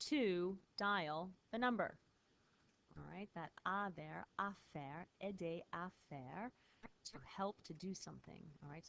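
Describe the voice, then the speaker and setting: A woman teacher explains French phrases patiently in a recorded lesson. Her voice sits fairly low, and she spells words out letter by letter. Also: vocal fry.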